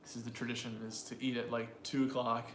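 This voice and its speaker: A man's voice: medium pitch, little pitch movement, brisk, a bit bright. Man teaching pronunciation, echoey room. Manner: thinks aloud with fillers and restarts, addresses learners directly. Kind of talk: casual teaching chat. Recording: echoey room with faint background noise.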